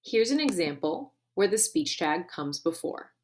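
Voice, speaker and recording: Brief: woman teacher, deliberate recorded grammar lesson, faint hiss behind. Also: fairly low pitch, big pitch swings, a little mellow. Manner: clear and deliberate, stressing key words.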